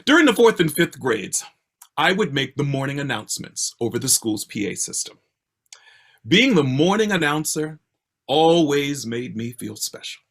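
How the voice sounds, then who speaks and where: An older man from Baltimore telling a personal story with a theatrical, expressive delivery, heard over a video call. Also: moderate pace. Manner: expressive, theatrical delivery with swings in pitch and pace.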